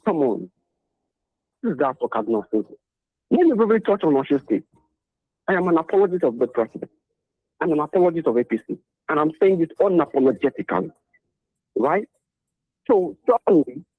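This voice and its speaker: A man's voice: high voice, no echo. Emphatic man on a tinny phone. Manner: emphatic, repetitive, rhetorical questions. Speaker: caller. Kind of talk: political call-in commentary.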